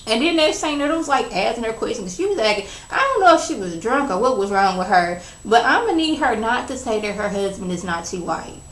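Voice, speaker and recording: A woman chatting casually as she recaps a reality show, gossipy and animated, acting out what people said. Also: fairly quick, few pauses, echoey room, rough recording. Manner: chatty, gossipy, acts out quotes with big pitch jumps.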